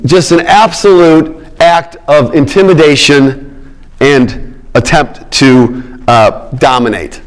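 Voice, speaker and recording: A man's voice: a little high, slow pace. A middle-aged man giving a public lecture on politics, emphatic, repeating his key words and checking in with the audience.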